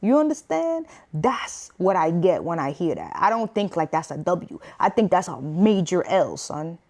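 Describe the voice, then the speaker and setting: A woman with a New York accent giving casual reaction commentary as a streamer. She talks in slang, breaks into laughs between points, and jumps up into high asides. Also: big pitch swings, normal speed, darkish tone.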